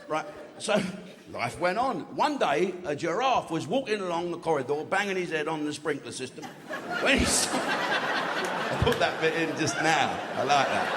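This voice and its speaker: A stand-up comedian performs live on a large theatre stage, telling crude stories laced with heavy swearing. His voice sits high and very animated at a moderate pace. The hall is echoey and noisy, with a loud audience laughing throughout.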